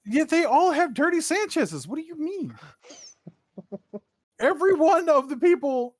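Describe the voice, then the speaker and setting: A man co-hosting a casual gaming podcast, talking in an animated, profane, rambling way with sudden jumps in pitch. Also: unhurried. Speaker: podcast co-host.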